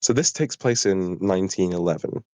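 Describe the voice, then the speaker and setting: Tired low-voiced British man, southern English accent, live story reading, dry sound. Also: moderate pace, a little mellow, no room sound. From Britain. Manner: apologetic, chatty asides. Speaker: streamer reading his own story.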